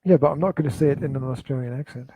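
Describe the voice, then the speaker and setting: A man hosting a casual podcast from his flat, joking, teasing and laughing often. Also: medium pitch, racing, slightly rough, poor audio. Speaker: podcast host. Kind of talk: casual chat. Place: home flat.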